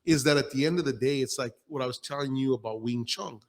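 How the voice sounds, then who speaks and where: A man's voice: medium pitch, fast. Blunt, swearing man hosting a podcast. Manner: blunt storyteller who acts out quoted people. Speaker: podcast host. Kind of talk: casual profane podcast talk.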